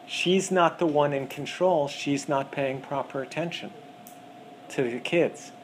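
Guy lecturing on acupuncture, kinda high voice, does little caller impressions, faint hiss behind. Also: unhurried. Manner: animated, mimics callers' voices. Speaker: acupuncture teacher. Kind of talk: lecture with acted examples.

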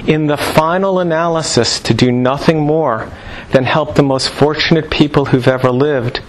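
A man giving a live lecture to practitioners, animated and jokey, firing rhetorical questions at the room. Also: on the high side, normal speed, slight background noise, rough recording. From New York. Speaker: lecturer on Chinese medicine.

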